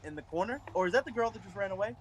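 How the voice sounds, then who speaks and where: A man's voice: sits high, lively intonation, racing, slight background noise. A man playing a tabletop game, hesitantly working out his moves aloud. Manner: hesitant, thinks aloud with fillers. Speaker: player. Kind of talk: casual tabletop game play.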